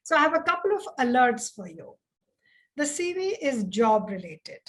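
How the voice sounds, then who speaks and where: A middle-aged woman, an educator with international experience, giving a measured lecture on application documents to students. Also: a little high, big pitch swings, a bit bright. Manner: measured, explanatory, addresses students directly. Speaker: educator and admissions coach. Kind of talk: webinar lecture.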